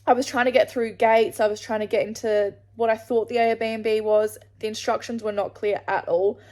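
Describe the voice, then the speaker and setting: Chatty Australian woman, slightly high voice. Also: little pitch movement, normal speed, darkish tone. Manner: rambling, swears freely, restarts mid-sentence. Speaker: travel vlogger. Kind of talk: casual storytelling to camera.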